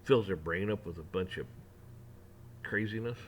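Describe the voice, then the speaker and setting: A man delivering a heated opinion rant, mocking officials in sarcastic put-on voices and building up to near shouting. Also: sits low, normal speed, a little hiss or hum. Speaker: rant channel host.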